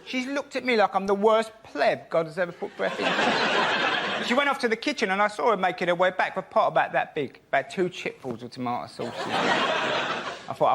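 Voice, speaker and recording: A man's voice: high-pitched, big pitch swings, brisk, heavy background noise. A man telling a stand-up routine on a TV panel show, acting out the voices in his story. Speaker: comedian panelist.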